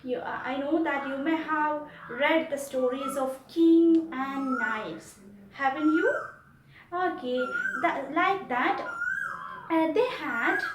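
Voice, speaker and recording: Slow, high-voiced woman teacher. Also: echoey room, far from the mic, slight background noise, poor audio. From India. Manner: repeats and explains slowly to children. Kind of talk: online class lesson.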